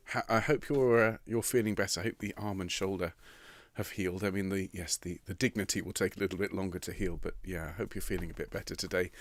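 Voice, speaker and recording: Man, choir director, low voice, slightly rough, chatty, dry computer-mic sound. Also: dry recording. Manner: chatty, teasing, warm greetings to each singer. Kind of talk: live online rehearsal chat. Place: at home. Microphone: computer mic on a video stream.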